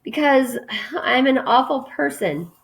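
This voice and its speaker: A woman reading a children's book aloud, voicing an upset, tearful teenage girl who talks quickly. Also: natural voice. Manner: quick, sobbing, higher voice.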